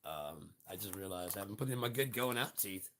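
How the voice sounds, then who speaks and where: A man's voice: low voice, expressive, a little fast, very noisy. A man in his late forties rambling through a profane, laughing solo rant. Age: 40s. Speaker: vlogger.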